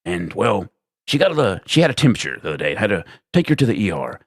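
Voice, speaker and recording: A man hosting a livestream, reading chat aloud with profane, exasperated banter and sudden shouting, tired from lack of sleep. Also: fairly low pitch, very animated, quick pace, gravelly. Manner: bursts into shouting. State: short on sleep.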